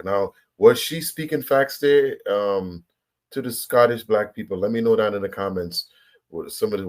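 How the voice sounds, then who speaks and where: Low-voiced man hosting a reaction video. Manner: amused, chatty, asks viewers to comment. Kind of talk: casual reaction commentary.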